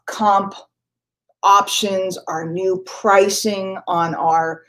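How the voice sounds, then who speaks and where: A middle-aged woman giving an emphatic, energetic motivational morning talk to her business team, often laughing. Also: medium pitch. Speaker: network marketing trainer.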